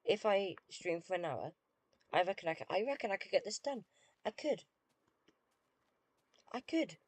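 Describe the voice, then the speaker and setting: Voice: medium pitch, lively intonation, a little fast, no echo. Dry, wry British streamer. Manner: dry, self-deprecating, wry. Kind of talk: casual live-stream chat while playing a game.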